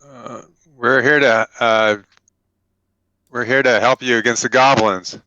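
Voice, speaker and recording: A man's voice: mid-range voice, steady tone, a little slow, bright, forceful tone, dry recording, muffled recording. A man playing his character in a tabletop game, asking hesitant, stumbling questions. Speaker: player.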